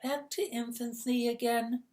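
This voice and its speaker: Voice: mid-range voice, big pitch swings, normal speed, gravelly, a little mellow, echoey room. A storyteller voicing a mischievous, theatrical little boy who whines and pleads, in a storybook reading. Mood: mock-sad. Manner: whiny, pleading.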